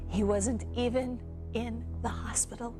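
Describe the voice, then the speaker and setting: An actress playing a young woman who recounts her past in a theatrical monologue. Her voice sits a little high and her pace is slow and halting, with wistful pauses. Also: steady tone, over music, close to an everyday voice. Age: young adult. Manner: halting, wistful, with nervous laughs and sighs. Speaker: solo monologue performer.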